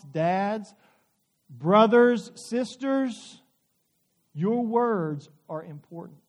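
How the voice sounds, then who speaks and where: A man in his forties, a pastor, preaching a sermon with storytelling, folksy asides and slow, drawn-out emphasis. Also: sits high, a little mellow.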